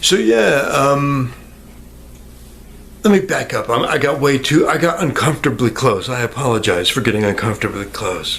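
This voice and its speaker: A man's voice: medium pitch, expressive, moderate pace, creaky, a bit bright. A man rambling casually to the viewer in a crude, self-mocking home vlog, recorded on a camera mic at home. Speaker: YouTuber. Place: indoors at home, near a fish tank. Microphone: camera microphone.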